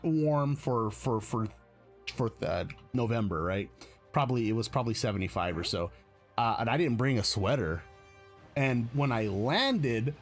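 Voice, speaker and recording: A man from the United States hosting a live stream, chatting casually in a rambling, self-correcting way with frequent chuckles. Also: mid-range voice. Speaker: streamer host.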